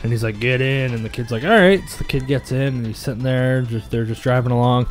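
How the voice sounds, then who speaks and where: A man's voice: medium pitch, level tone, quick pace, a little mellow, soft background music. A man co-hosting a casual gaming video, rambling through long jokes and laughing at his own punchlines. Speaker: let's play co-host.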